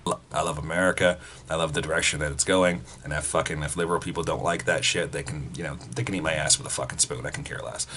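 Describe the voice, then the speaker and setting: A man's voice: a bass voice, steady tone, fast talker, pushed and bright, slight background noise. A man giving blunt, heavily profane commentary as a vlogger. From Canada. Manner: blunt, swearing freely, ranting.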